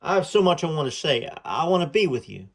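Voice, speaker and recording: A man's voice: a little high, sing-song, fast. A man voicing an earnest, hopeful young man in love, speaking in a heartfelt, pleading way.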